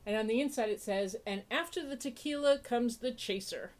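A woman's voice: a little high, normal speed. A woman hosting a casual podcast, chatting as she opens mail, gushing, laughing often and joking sarcastically about herself. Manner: self-mocking and sarcastic. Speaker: podcast host. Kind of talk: casual unboxing chat.

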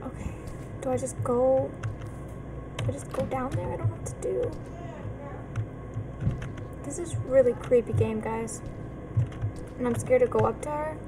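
A woman's voice: sits high, steady tone, moderate pace, long pauses, noisy background. A woman hosting a horror game let's play, nervous and hesitant, with many ums and pleading asides. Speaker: gaming channel host.

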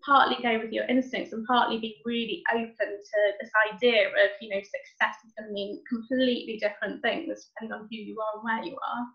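Woman guest, a bit high, muffled lo-fi sound, thoughtful. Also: fairly even intonation, fairly quick, gravelly, few pauses, a bit bright. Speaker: guest, broadcast engineer. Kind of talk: casual interview chat. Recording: dull lo-fi sound.

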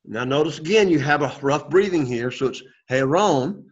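A man's voice: a little high, animated, a little fast. Man teaching a Greek class. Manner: patient, repeats words for the class to echo. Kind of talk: classroom lesson with call-and-response drills. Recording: dull lo-fi classroom recording.

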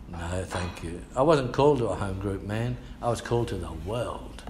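A man's voice: fairly low pitch, expressive, normal speed, hardly any pauses, a little mellow, echoey room, slight background noise. An older man with an Australian accent, preaching a sermon as a pastor and telling his testimony in a colloquial, slangy, emphatic way. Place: church.

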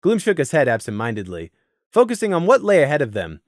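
A man narrating a story in a lively, expressive reading voice. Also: fairly high pitch, fast, dry recording, studio quality. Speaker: audiobook narrator.

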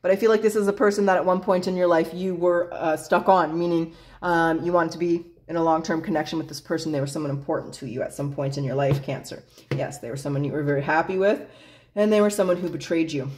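A woman's voice: low voice, fairly even intonation, fast, darkish tone, a little hiss or hum. A woman doing a casual tarot reading in a blunt, chatty way, swearing freely and laughing often. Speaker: tarot reader.

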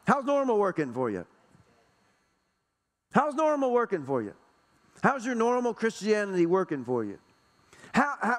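In a church sanctuary with a long reverb tail, a man with a high, slightly bright voice drives his sermon forward, pressing the congregation with one rhetorical question after another.

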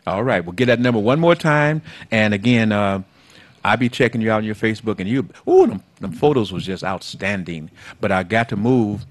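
Folksy man hosting a call-in show. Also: fairly low pitch. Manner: folksy, drawn-out emphasis, calls guests baby. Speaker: talk show host. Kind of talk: call-in talk radio.

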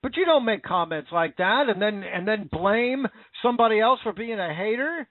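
A man's voice: high voice, animated, moderate pace, dry recording. Fired-up american guy ranting, voice jumps all over, sounds like it's over a phone line. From United States. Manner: indignant, ranting, repetitive. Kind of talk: opinion rant. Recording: dry, phone-like narrow audio.

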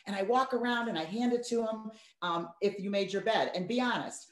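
A woman giving a lively, chatty sales training talk and acting out her party patter. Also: medium pitch, moderate pace, reverberant.

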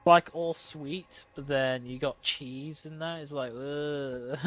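A man's voice: a little high, takes it slowly. A man chatting casually while playing a game with friends, giggling and teasing them in playful mock threats. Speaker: gamer. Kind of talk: casual chat while gaming.

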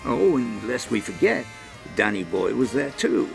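A man's voice: mid-range voice, very animated, a little slow, creaky. A man narrating a scripted recap with a dry, wry delivery. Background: music.

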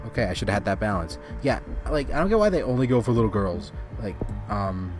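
A man hosting a gaming channel, giving rambling casual commentary with sudden excited outbursts at the game. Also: on the low side, quick pace, music in the background.

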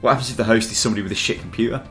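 A man's voice: mid-range voice, fairly even intonation, very fast, a bit bright, faint music behind. A young man giving sweary, grumbling commentary over his own gameplay. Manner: grumbling, swearing, laughing at the game. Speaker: gaming channel host.

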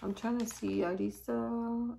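A woman's voice: on the high side, steady tone, a little slow, gravelly, background noise. A middle-aged woman opening gifts on camera for her vlog, gushing and exclaiming as she thanks her viewers. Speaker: YouTube channel host. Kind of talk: casual unboxing vlog.

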